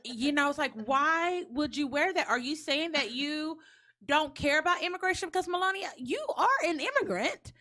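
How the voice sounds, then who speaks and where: A woman's voice: high-pitched, lively intonation, moderate pace, bright, forceful tone. A woman hosting a podcast in sassy, chatty casual talk, laughing often. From United States. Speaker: podcast host. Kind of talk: casual chat.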